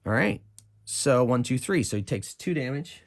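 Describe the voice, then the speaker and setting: A man's voice: mid-range voice, lively intonation, normal speed. Chatty man narrating a solo tabletop game. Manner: chatty, thinks aloud about rules and dice rolls.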